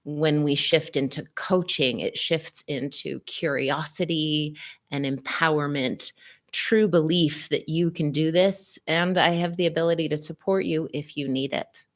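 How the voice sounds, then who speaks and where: A woman hosts a live-stream wellness talk as a physical therapist and psychotherapist, with a slightly low voice. She greets viewers by name and reads their comments aloud. Her delivery is expressive, moving between soft asides and emphatic stresses. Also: measured pace.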